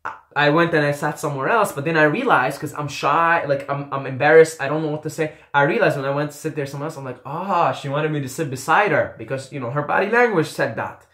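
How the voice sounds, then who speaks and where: Animated storytelling man in an echoey room. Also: fairly high pitch, fast. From Middle East. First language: not English. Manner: animated, self-mocking, swears freely. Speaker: vlogger. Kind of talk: casual storytelling.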